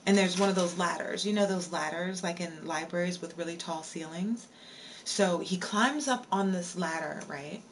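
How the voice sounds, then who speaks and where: A woman's voice: lowish voice, normal speed, slight background noise. Chatty woman streamer telling a spooky story. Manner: casual, repeats lines, breaks off to answer chat. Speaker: live streamer. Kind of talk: storytelling on a livestream.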